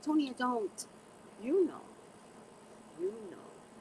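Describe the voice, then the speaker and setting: Slow-talking sassy lady on her channel, kinda high voice, real blunt. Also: slight background noise, low-quality recording. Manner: animated, drawn-out, repeats "you know". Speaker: vlogger. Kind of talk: casual chat to camera.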